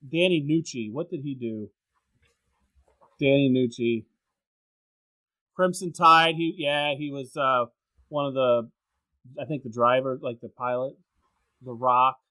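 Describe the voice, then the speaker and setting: A man's voice: medium pitch, fairly even intonation, a little slow, pauses often, bright, forceful tone. A man co-hosting a podcast, chatting casually and opinionatedly about a film and swearing freely. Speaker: podcast co-host. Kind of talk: casual movie review chat.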